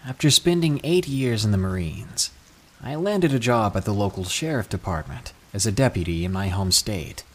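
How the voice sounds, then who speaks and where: A man reading true scary stories aloud, with an expressive storytelling delivery. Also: on the low side. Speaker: narrator.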